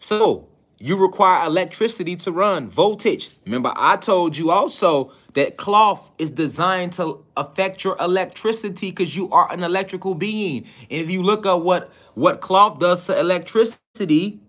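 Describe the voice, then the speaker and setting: A man's voice: high-pitched, a bit bright. A man giving a preaching-style spiritual lecture, hammering his points with repeated phrases and rhetorical questions. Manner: repeats key phrases for emphasis.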